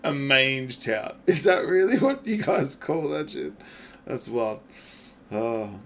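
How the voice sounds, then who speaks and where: A man streaming a game and chatting with his viewers, swearing freely, laughing often and reacting loudly to their messages. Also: medium pitch, very animated, takes it slowly, slight background noise. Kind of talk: casual gaming livestream chat.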